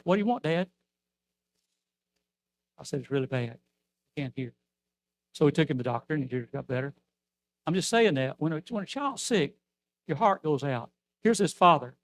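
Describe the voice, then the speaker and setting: Older man, preacher, storytelling sermon, fairly high voice, dry close mic. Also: no room sound. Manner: storytelling preacher, swings from loud to soft. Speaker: outreach minister.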